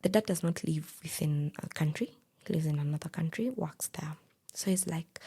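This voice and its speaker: Speaking at a moderate pace in a deep, breathy-edged voice, a young Kenyan-accented woman recounts a personal story. She's animated throughout and voices the other people in it through quoted dialogue.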